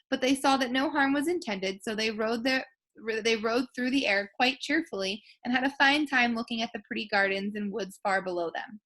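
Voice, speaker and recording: Bright-voiced teacher reading aloud. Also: female voice, a little high. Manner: gentle, self-deprecating, occasional restarts. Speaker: elementary school teacher. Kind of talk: reading a children's book aloud.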